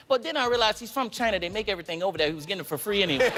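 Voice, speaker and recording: High-voiced man, big pitch swings, comic storyteller who plays every part himself, noisy recording. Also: lively intonation, very fast. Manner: acts out voices, laughs mid-story. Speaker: guest storyteller. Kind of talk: animated comic anecdotes. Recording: loud background noise.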